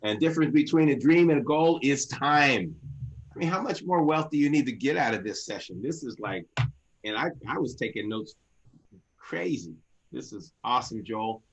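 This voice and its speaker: A man's voice: mid-range voice, expressive, normal speed, breathy edge. Effusive man hosting over a lo-fi line. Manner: effusive, praising, repeats himself with restarts. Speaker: host. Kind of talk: fervent motivational talk.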